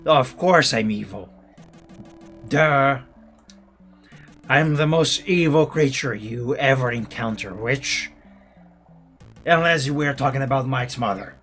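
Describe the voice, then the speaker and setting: A man voicing an evil male creature who taunts a young witch in a slow, gloating drawl. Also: mid-range voice, fairly bright tone, faint music behind. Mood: mocking. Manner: slow, gloating, drawn-out menace.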